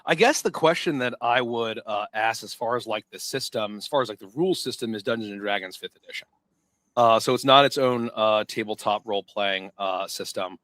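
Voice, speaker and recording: A man's voice: fairly low pitch, brisk, a bit bright, dry recording. Earnest man in a dry-sounding room. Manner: earnest, rambling, many fillers. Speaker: game designer. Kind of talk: casual chat.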